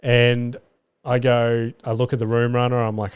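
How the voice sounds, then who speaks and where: An Australian podcast host and stand-up comedian tells stories in a casual monologue, swearing freely and acting out his own quoted lines. His mid-range voice is delivered completely flat at a moderate pace. The tone is clean and the recording dry.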